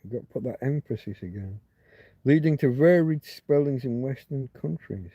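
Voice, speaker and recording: A man's voice: medium pitch, animated, normal speed, dark tone, breathy edge, dry recording. A man hosting a rambling, casual livestream, musing aloud and swearing now and then. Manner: chatty, swears, muses aloud while reading. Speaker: livestream host. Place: home, Torrevieja.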